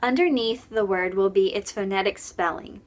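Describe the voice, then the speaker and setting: A woman's voice: mid-range voice, normal speed. A woman narrating a scripted poetry lesson and announcing each numbered section.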